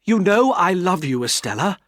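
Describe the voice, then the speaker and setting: A man's voice: high voice, very animated, moderate pace, fairly bright tone, dry recording, voice pushed up. A man voicing an earnest, heartbroken young man who pleads with trembling emotion, in a dry storybook reading. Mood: pleading.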